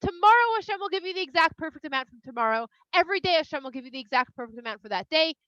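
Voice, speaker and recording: A woman voicing a patient male leader who calmly reassures and instructs his people. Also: sits high, rapid-fire, no echo, dull audio. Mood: reassuring. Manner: soothing, explaining patiently.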